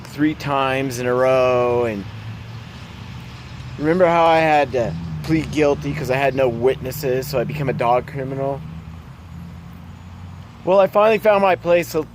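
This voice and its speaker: A man's voice: medium pitch, a little mellow, slight background noise. A man ranting in a casual vlog, blunt and profane, rambling through his complaints. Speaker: vlogger.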